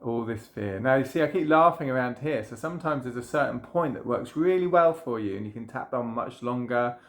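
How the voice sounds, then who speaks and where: Guy with a gravelly voice walking you thru tapping, soft repeated phrases, mid pitch. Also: fairly quick. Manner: gentle, repetitive guided phrases. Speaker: trauma healing practitioner. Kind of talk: guided tapping demonstration.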